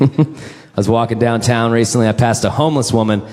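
Stand-up comedian in a big reverberant hall. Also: male voice, fairly quick. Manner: deadpan setups, shrill shouted bits. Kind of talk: stand-up routine.

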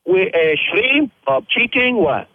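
A man's voice: very high voice, lively intonation, unhurried, creaky, breathy edge. A man with a Spanish accent on a phone call as a restaurant worker, slipping into Spanish, impatient and blustering. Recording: phone line.

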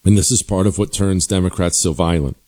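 A man hosting a political commentary show, talking forcefully and sarcastically with emphatic repetition. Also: deep voice, fairly quick.

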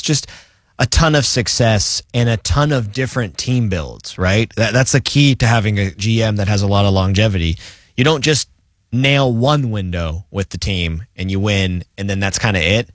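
A man talks football on a casual sports show, steadily listing a team's achievements. His voice sits on the low side. The sound is dry and close to the mic. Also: no echo.

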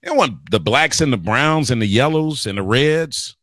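A man hosting a talk radio show, rambling through an animated political monologue and calling listeners y'all and guys. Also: medium pitch, moderate pace, dry recording. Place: radio studio.

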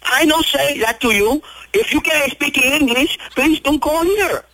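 A man's voice: very high voice, normal speed, pushed and bright, full character voice, poor audio. A man doing a hot-headed cook. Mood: irritated. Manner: brusque, mixes Spanish curses into English. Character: hot-tempered male Puerto Rican restaurant worker. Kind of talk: radio prank call.

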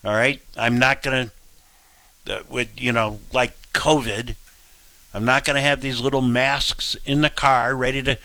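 A man's voice: medium pitch, fairly even intonation, moderate pace, bright, forceful tone, no echo. A man hosting talk radio, giving blunt, rambling opinions. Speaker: radio talk show host.

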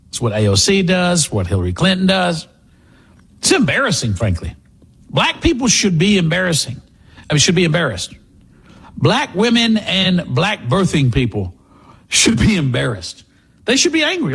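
A man's voice: high voice, very animated, moderate pace, fairly bright tone, slightly rough. A man hosting a talk radio show, delivering a sarcastic, mocking political monologue. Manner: sarcastic, mocking, puts on voices.

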